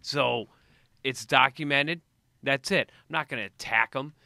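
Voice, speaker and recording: A man on a podcast lays out his views in short, emphatic, profane statements. His voice is very bright and edged, and it stays clear and smooth with a dry, close sound. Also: mid-range voice, measured pace, no echo. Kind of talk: casual podcast chat.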